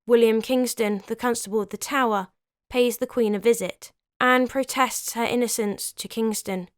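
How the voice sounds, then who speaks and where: A woman's voice: fairly high pitch, moderate pace, dry recording, studio quality. A young woman hosts a history channel, narrating a script and breaking off for wry, opinionated asides. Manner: lively, opinionated storyteller who adds wry comments.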